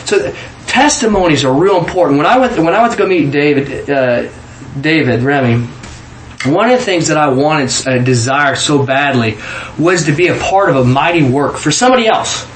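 A man from Kansas recounts a personal testimony and slips into the voices of the people in his story, stumbling and restarting as he goes. His voice sits a little high for a man. The room adds a clear echo, with a faint hum of ambience behind him. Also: moderate pace. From Kansas, USA. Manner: animated, acts out quoted voices, frequent restarts and laughs. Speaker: guest telling a testimony. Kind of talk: casual storytelling.

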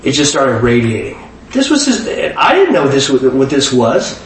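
A man telling a personal faith story in an animated way, often restarting his sentences. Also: mid-range voice, moderate pace, a little hiss or hum. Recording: echoey room, mic at a distance.

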